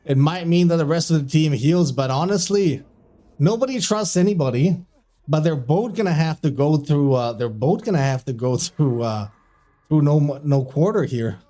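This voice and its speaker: A man with a notably high voice calls a video game tournament live from his streaming desk. He keeps dissolving into giggles as the match goes sideways and stumbles over his words when he loses track. The commentary is loose and excitable. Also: normal speed. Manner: keeps breaking into giggling fits while commentating.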